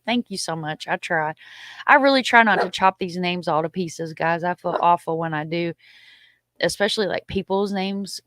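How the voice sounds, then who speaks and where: A casual live chat where the host reacts to what viewers write, reading comments aloud, answering with blunt opinions and repeating short words of agreement. The voice is medium-pitched and a bit bright, recorded at studio quality with no echo.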